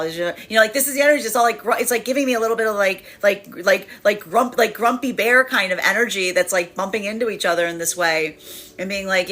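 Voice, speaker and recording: A woman's voice: medium pitch, quick pace, a bit bright. A woman tarot reader giving a casual, rambling reading, full of fillers and acted-out voices. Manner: rambling, many fillers, acts out voices with laughter.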